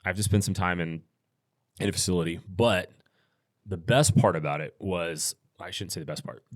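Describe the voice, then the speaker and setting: Deep-voiced American man telling a story. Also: normal speed, no room sound, studio quality. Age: middle-aged. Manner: relaxed, rambling anecdotal delivery with restarts. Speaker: podcast guest, firearms instructor. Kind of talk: casual storytelling in interview.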